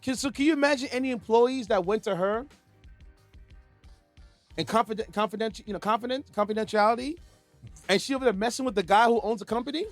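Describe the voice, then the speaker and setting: A man's voice: very high voice, fast talker, long pauses, no room sound, soft background music. A man co-hosting a podcast, telling a story in casual banter and stumbling over words now and then. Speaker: podcast co-host.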